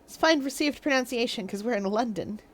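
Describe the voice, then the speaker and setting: A woman's voice: a little high, a little fast, slight background noise. Woman streamer, live gameplay chat, playful, rambling, self-mocking. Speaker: game streamer. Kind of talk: casual live gameplay commentary.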